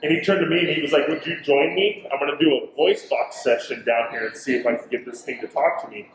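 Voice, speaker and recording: A man's voice: fairly high pitch, quick pace, reverberant, slight background noise, low-quality recording. A man, a hotel manager, telling a ghost story in casual chat, acting out what people said and saying bro and dude. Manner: animated, acts out quotes, says bro and dude.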